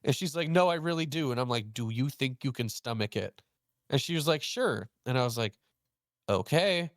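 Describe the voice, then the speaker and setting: Young man telling animated stories. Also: moderate pace, no echo, clean studio sound. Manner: animated, acts out quoted dialogue with pitch jumps. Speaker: host. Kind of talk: casual storytelling chat.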